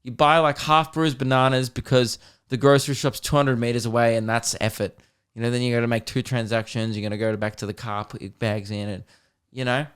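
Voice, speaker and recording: A man with an Australian accent, a comedian hosting a podcast, telling stories in a casual, rambling, animated way. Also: mid-range voice, brisk, clean tone. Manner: rambling, animated, slips into voices.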